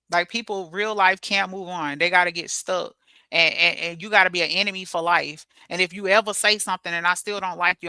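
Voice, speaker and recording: Brief: woman streamer reacting to chat, crude and loud-laughing, with a smooth, crisp tone. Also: on the low side, no echo. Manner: blunt, profane, laughs loudly at her own jokes. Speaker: livestream host reading chat comments. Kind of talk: casual livestream chat.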